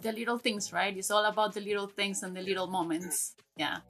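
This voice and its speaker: A woman hosting an interview, asking questions in a reflective, soft-spoken way. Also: mid-range voice, fairly even intonation, a little fast, faint music behind. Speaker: host.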